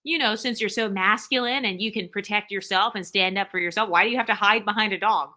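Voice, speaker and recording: Woman host, bright tone, sarcastic opinion rant to camera. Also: mid-range voice, quick pace. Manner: sarcastic, ranting. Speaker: channel host.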